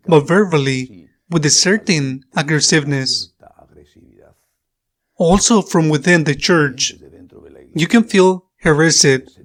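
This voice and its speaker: A male priest whose first language is Spanish, giving a sermon in slow, measured phrases that repeat for emphasis. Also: fairly high pitch.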